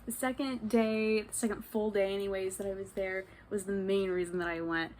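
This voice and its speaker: Young woman from new york gushing on her vlog, giggly and excited, lots of ums, faint hiss behind. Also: mid-range voice, moderate pace, low-quality recording. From New York state. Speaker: vlogger. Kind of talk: casual vlog chat.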